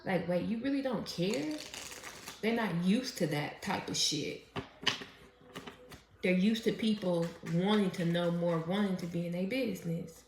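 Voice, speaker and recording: A woman's voice: on the low side, a little slow, noisy background. A woman doing a casual tarot reading, chatty and profane, who laughs often as she talks. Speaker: tarot reader. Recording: roomy echo.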